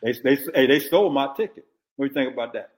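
An older man, a former football coach, giving blunt, animated opinions in casual sports talk. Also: mid-range voice, fast talker.

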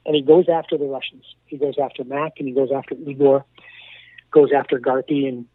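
Heard on a tinny, dry phone line with no echo, a former hockey coach turned broadcaster talks fairly quickly in a mid-range voice. He's an animated radio interview storyteller, repeating words and acting out what people said.

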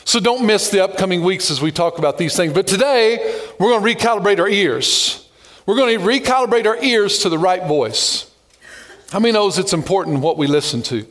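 A male pastor delivering an animated sermon in a high voice. He reads scripture, tells stories and drops playful jokes along the way. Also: brisk. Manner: lively, animated preaching with joking asides.

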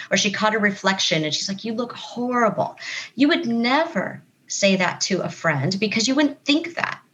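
A woman's voice: medium pitch, a bit bright. A woman psychotherapist talking as an interview guest, earnest and explanatory. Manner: earnest, explanatory, acts out quoted voices. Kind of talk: conversational interview.

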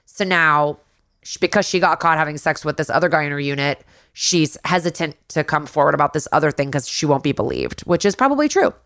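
A woman's voice: sits low, animated, brisk, a bit bright, no echo, clean studio sound. A woman co-hosting a podcast, recapping a TV episode in a chatty, casual way, swearing freely and laughing easily. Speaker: podcast co-host.

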